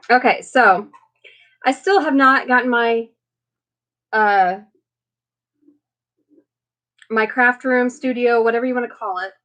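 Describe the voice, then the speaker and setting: A slightly high, somewhat bright female voice belongs to a livestream host chatting casually with viewers. Recovering from illness, she is emotional and tired, and her talk is rambling and full of fillers.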